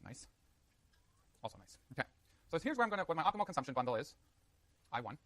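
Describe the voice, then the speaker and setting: Rapid-fire animated male lecturer. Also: fairly high pitch. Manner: fast, animated, jokey asides to students. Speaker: university lecturer. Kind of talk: classroom lecture.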